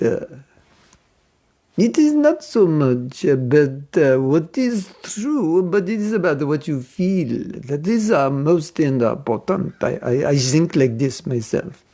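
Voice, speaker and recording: A man's voice: fairly high pitch, sing-song, takes it slowly, dark tone, heavily acted. A man doing a musing French devotee. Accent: mock French.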